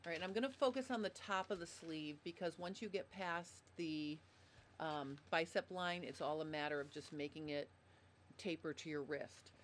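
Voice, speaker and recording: A sewing instructor with a low voice runs a live-streamed tutorial at a desk microphone, chatting and explaining each step at a normal speed. She apologizes for audio trouble along the way. There is slight background noise.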